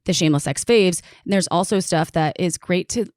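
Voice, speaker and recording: Excited woman podcast co-host, lower voice. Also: fairly quick, no room sound, clean studio sound. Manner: enthusiastic, promotional, excitable. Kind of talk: casual podcast chat.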